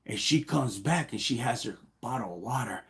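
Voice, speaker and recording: A gravelly-voiced middle-aged man on a live stream, telling a story in a casual way. He talks in street slang and acts out the dialogue. His pitch sits in an ordinary middle range. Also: moderate pace. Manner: animated, slang-heavy, quotes people in dialogue.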